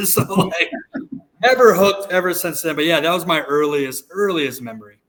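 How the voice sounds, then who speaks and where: A man's voice: mid-range voice, lively intonation, brisk, a bit bright, slight background noise, low-quality recording. A man in his thirties, a podcast guest, telling candid, rambling stories with casual swearing. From United States. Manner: candid, profane, rambling anecdotes. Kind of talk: casual storytelling chat.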